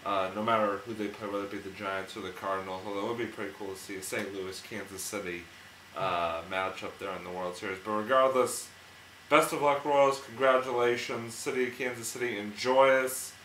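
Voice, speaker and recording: A man's voice: fairly low pitch, little pitch movement, a little fast, sharp tone. A young man hosting a casual sports chat, upbeat, passing the floor and signing off the show. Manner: upbeat, signs off in a host's manner. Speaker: host. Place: indoor room. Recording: echoey room with faint noise.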